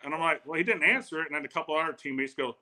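A man in his forties, a former football player, telling animated anecdotes in a casual chat and acting out the people in them. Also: fairly high pitch, rapid-fire. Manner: animated anecdotes with repeated starts, quotes others. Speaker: guest, former football tight end.

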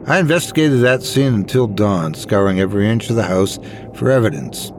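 A man telling a horror story in a dramatic, expressive scripted narration. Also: on the low side, brisk, over music.

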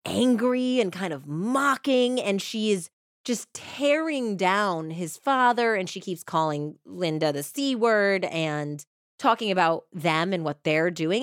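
A woman casually telling a true-crime story, acting out quotes with big jumps in pitch and filling her talk with "like". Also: a little slow, dry recording, clean studio sound. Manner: animated retelling, acts out quotes with pitch jumps; many fillers like "like" and "you know". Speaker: podcast co-host.

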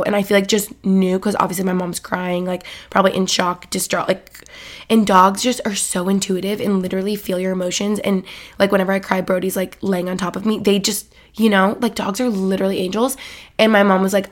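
A woman's voice: medium pitch, steady tone, fairly quick. A young woman hosting her own podcast, chatting casually and gushing, with lots of "like"s and asides dropping to a whisper. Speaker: podcast host. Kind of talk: casual solo chat.

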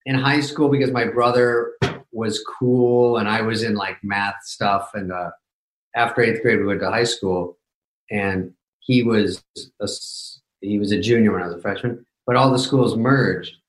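A middle-aged man tells casual stories as a podcast guest in a mid-range voice. His delivery is dry and self-mocking, with quick mimicry of other people. The room has a noticeable echo. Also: medium pitch, steady tone. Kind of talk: casual storytelling chat.

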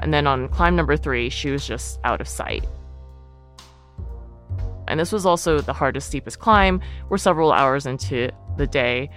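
A woman's voice: rumbling low, normal speed, a bit bright, soft background music. A woman telling a personal story in a casual, chatty way, full of fillers and light laughter. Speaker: guest, writer and athlete.

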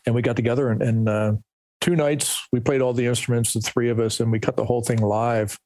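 A man's voice: medium pitch, fairly even intonation, a little fast, a little mellow, a little hiss or hum. A middle-aged man, a musician guest, telling stories in a casual interview, rambling with restarts and quoting others. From New Jersey, USA.

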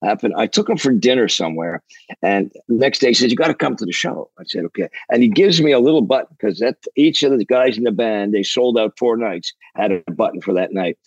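Older drummer from Canada as interview guest, husky voice, rambling anecdotes, dry close sound. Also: male voice, on the low side, a little fast, no room sound, lo-fi sound. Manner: rambling, animated, profane, restarts sentences. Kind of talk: storytelling interview.

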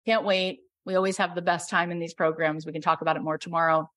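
Effusive woman coach pitching her program. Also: flat delivery, fast talker. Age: middle-aged. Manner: effusive, gets loud and emphatic. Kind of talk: sales pitch on a live coaching call.

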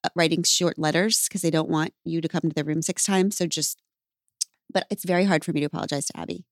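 A woman's voice: sits low, steady tone, fast, dry recording, studio quality. A woman hosting a podcast, candid and casual, who swears lightly and laughs easily. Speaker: podcast host. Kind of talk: podcast conversation.

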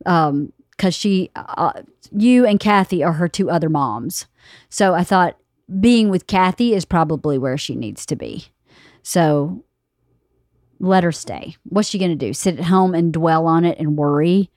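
Podcast host, fifties woman, lively storyteller who laughs a lot; dry close mic. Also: on the low side, unhurried, no echo. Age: 50s. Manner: animated storyteller, laughs often, quotes others. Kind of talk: casual chat.

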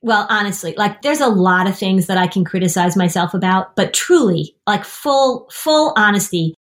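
A woman's voice: mid-range voice, lively intonation, normal speed. A middle-aged woman therapist talking on a podcast, explaining things and acting out parent and kid quotes. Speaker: therapist and anxiety expert. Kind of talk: podcast talk.

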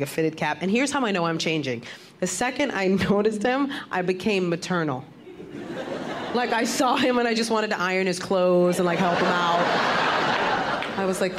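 A woman comedian works the room in a stand-up set, her wry, punchy storytelling riding on a fairly low voice. The live club recording is thick with loud audience laughter and heavy background noise. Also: brisk, a loud crowd.

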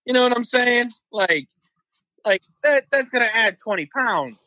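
A man's voice: very high voice, lively intonation, normal speed, sharp tone, dry recording. A man co-hosting a podcast, joking loosely in casual sports chat. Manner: loose, joking, trails off into laughs. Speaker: podcast co-host.

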